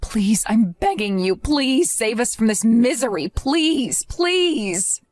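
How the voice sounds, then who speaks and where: A woman's voice: medium pitch, animated, moderate pace, no echo, close to an everyday voice. A woman voicing an exhausted young mother in a family drama who apologizes and begs for help. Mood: pleading. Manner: apologetic, pleading.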